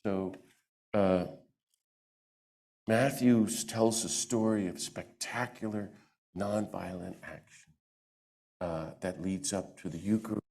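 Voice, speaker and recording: A man giving a lively talk to a church audience into a microphone, acting out the voices he quotes. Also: low-pitched, slow, creaky, pauses often. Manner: animated, acts out quoted voices. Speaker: guest speaker.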